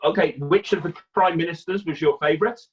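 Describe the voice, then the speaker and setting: Hesitant host, dull recording. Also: male voice, fairly high pitch, fairly quick. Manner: hesitant, laughs often, friendly. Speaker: interviewer host. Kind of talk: casual interview.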